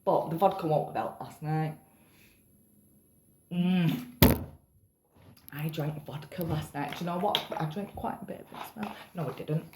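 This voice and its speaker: A woman's voice: low voice, unhurried, long pauses, reverberant, heavy background noise. A tired woman rambling in a casual vlog, self-mocking and swearing casually. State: tired after a night up. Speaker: vlogger.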